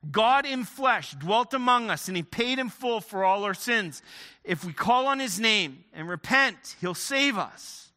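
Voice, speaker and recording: A man from Ontario preaches with a high, very bright tone. He speaks in a loose, storytelling way, restarting phrases as he goes. His voice carries a long reverb, as if it were picked up in a large hall. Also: expressive, measured pace. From Ontario, Canada. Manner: conversational, with frequent restarts. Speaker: pastor. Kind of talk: sermon with personal storytelling.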